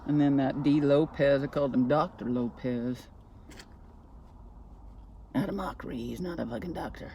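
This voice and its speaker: A woman's voice: extremely low pitch, normal speed, long pauses, dark tone, lo-fi sound, a little hiss or hum. A woman ranting into her own vlog, swearing constantly and sounding agitated, talking from inside a car. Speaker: vlogger. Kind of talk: casual vlog rant.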